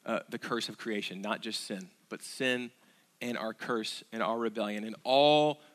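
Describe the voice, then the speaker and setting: A man's voice: lowish voice, moderate pace. A man preaching a sermon as pastor, earnest, asking the congregation rhetorical questions, with fillers and restarts.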